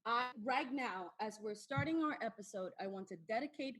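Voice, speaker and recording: A woman with a high voice co-hosting a wrestling podcast. She talks in an animated, gushing way and drops into Spanish mid-sentence. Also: normal speed. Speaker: podcast co-host. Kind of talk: casual wrestling chat.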